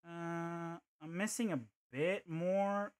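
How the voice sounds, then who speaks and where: A man's voice: fairly high pitch, steady tone, slow, clean tone. A man streaming a video game, chatting casually and thinking aloud, with playful joking asides. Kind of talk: casual gameplay commentary.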